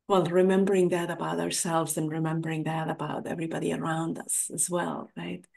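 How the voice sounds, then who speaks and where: A woman hosts a podcast in a casual interview chat, affirming her guest and often tagging on "right?". Her low-pitched, gravelly voice has a darkish tone and a flat delivery at a fairly quick pace.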